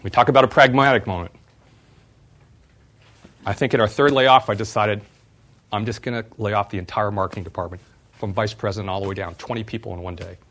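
A middle-aged man, a former startup CEO, giving a university talk and telling personal stories in an animated way. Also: on the low side. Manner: animated storyteller, voice jumps up when retelling exchanges.

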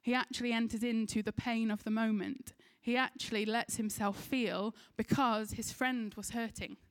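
A woman's voice: on the high side, steady tone, moderate pace, smooth. A woman with an English accent preaching a sermon, retelling a scripture story in an earnest voice and briefly acting out the people in it. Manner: earnest storytelling, acts out quoted lines.

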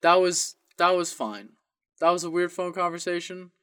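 A man's voice: high-pitched, normal speed, a bit bright, clear, resonant tone, no room sound, clean studio sound. A young man on a podcast telling a rambling story about wrong-number phone calls, acting out both sides of each call. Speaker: podcast co-host. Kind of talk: casual storytelling.

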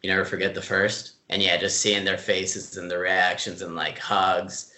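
A man telling stories in a casual interview, relaxed and full of fillers, laughing easily. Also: deep voice, normal speed, reverberant. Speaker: club staff member being interviewed.

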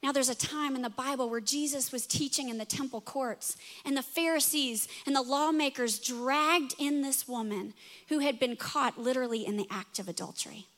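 A woman in her thirties delivers a sermon in a bright, ringing tone. Her voice sits high, and she tells her stories with animation, acting out the voices of the people in them. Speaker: pastor.

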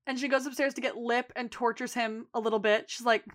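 A woman's voice: on the high side, brisk, hardly any pauses. A woman co-hosting a podcast, casually and animatedly retelling scenes and acting out the characters' lines. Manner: animated retelling, acts out quotes. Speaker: podcast co-host. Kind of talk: casual recap chat.

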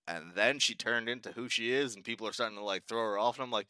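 Rambling, cursing young man, crisp voice. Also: mid-range voice, lively intonation, fast, few pauses, bright, forceful tone, no echo. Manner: rambling, profane, heavy use of "like". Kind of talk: casual chat.

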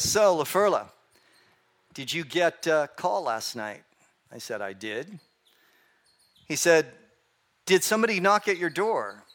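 A man giving a sermon, telling a personal story with lively emphasis and acting out dialogue. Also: mid-range voice. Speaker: preacher.

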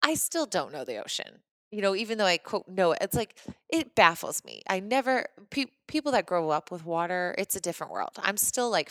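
A woman from Missouri hosting a podcast, telling a personal story in a lively, chatty way with lots of "like" fillers. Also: on the low side, a little fast, no echo. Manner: animated, chatty, frequent "like" fillers. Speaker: podcast host. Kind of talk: casual storytelling monologue.

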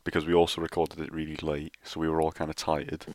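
A man co-hosting a podcast in casual chat, joking in a deadpan way. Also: very deep voice, fast talker, dry recording. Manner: joking, deadpan, does impressions. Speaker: podcast co-host.

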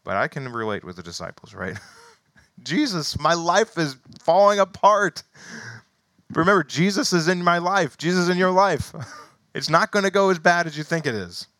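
A man's voice: a little high, big pitch swings, normal speed, bright, forceful tone, no room sound. A man preaching a sermon, reading scripture aloud with rising emphasis and then commenting casually with small laughs.

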